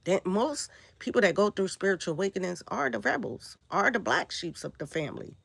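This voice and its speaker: A woman's voice: fairly low pitch, expressive, a little fast, vocal fry, few pauses, a bit bright, husky, no echo. A woman hosting a casual spiritual livestream, rambling and answering viewer comments as she goes.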